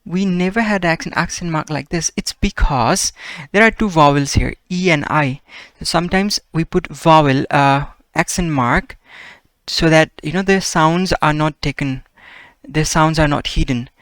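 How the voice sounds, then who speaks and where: A man's voice: on the high side, moderate pace, a bit bright, smooth, dry recording. A man explaining grammar in a Spanish lesson, patiently going through each rule and asking "okay?" and "right?" as he goes. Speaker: Spanish teacher.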